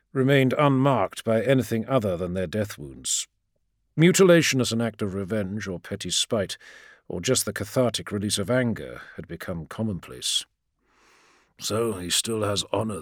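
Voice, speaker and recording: A man narrating a story in a measured, dramatic storytelling manner. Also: lowish voice, animated, dry recording, clean studio sound. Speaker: audiobook narrator. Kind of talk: scripted narration.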